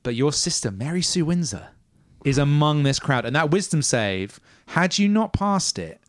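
Smooth-voiced man running a tabletop game. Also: fairly high pitch, big pitch swings, moderate pace, no echo, clean studio sound. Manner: describes scenes at length, asks players for dice rolls. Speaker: game master.

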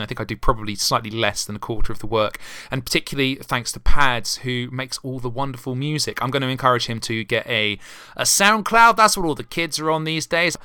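A man hosting and running a tabletop game with a bright, crisp and smooth voice. He talks in a casual, jokey way and drops wry asides. The sound is close and dry. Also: mid-range voice, dry recording. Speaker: podcast host and game master. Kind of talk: casual podcast chat and game narration.

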